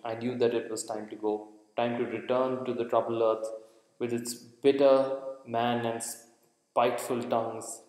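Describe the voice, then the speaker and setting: Male audiobook narrator, measured deliberate reading, echoey room with a long reverb tail. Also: mid-range voice, darkish tone. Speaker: audiobook reader.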